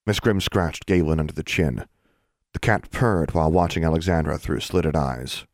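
A man narrating a children's fantasy audiobook in a steady, measured way. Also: very deep voice, no echo, studio quality. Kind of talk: scripted narration.

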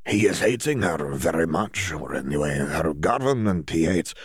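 A man's voice: a bass voice, lively intonation, moderate pace, slightly rough, no echo, clean studio sound, exaggerated voice. A man reading an audiobook voices an earnest young male student wizard who talks in stiff, formal phrasing with hesitations. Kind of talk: audiobook character voice.

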